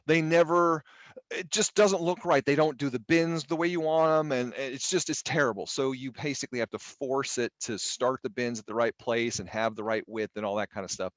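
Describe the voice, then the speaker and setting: This statistics instructor, a middle-aged man, jokes casually through a live online lecture, with exasperated asides and mild swearing. His voice is mid-range and the recording has no echo.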